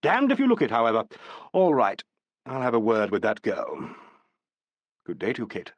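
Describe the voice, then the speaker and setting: A man's voice: medium pitch, huge pitch swings, normal speed, dry recording, lo-fi sound. A man reading the part of a commanding, autocratic theatre actor-manager in a brusque tone.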